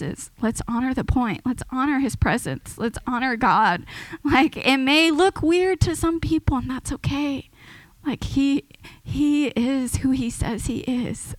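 A woman preaches in a relaxed, testimony-style sermon, earnest and chatty, with frequent restarts and light laughs. Her voice sits somewhat high, and the recording is close and dry with no room sound. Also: measured pace, dry recording, rough recording. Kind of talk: informal sermon.

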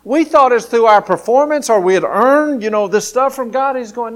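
A man, a pastor, delivering an earnest sermon straight to his listeners, shifting from hushed, slow lines to loud, excited ones. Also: very high-pitched. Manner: dramatic preaching, swinging from hushed to loud; earnest and direct, addressing listeners.

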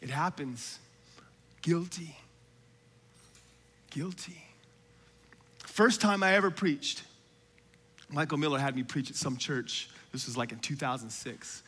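A man preaching a sermon, moving from hushed, whispered asides to loud, shouted exhortation, with casual slang and laughter. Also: mid-range voice, moderate pace, husky. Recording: long hall reverb from a large room.

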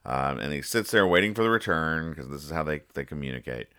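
A very deep-voiced man talks fast, his tone pushed and bright yet clean. He hosts a casual podcast where he reads comics, rambling and joking while explaining each punchline.

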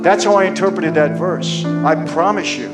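High-voiced man testifying on stage. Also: loud music behind the voice. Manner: addresses the audience directly as "people", with dramatic pauses. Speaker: speaker giving a faith testimony. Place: stage before an audience.

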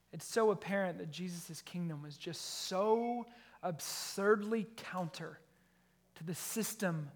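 A male pastor with a fairly high voice delivers a sermon. He reads a scripture passage and then explains it, his voice climbing when he acts out what the characters say. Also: a bit bright. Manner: reads scripture then preaches, voice rises when acting out quotes.

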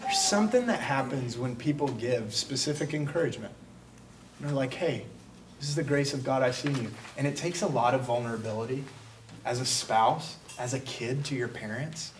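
A pastor preaching a conversational sermon, breaking into quick acted asides. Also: male voice, mid-range voice, recorded from a distance, a little hiss or hum.

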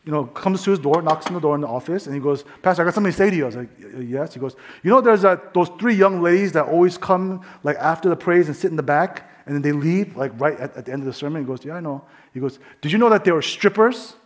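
Animated storytelling preacher man, higher voice. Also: fast talker, few pauses. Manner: animated storyteller, acts out quoted voices, drops to hushed tones. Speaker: pastor. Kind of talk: sermon with storytelling.

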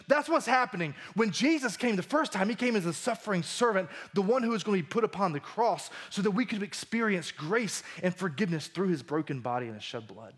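A man preaching a conversational sermon as pastor in a church, swinging between emphatic lines and hushed ones. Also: high voice, husky.

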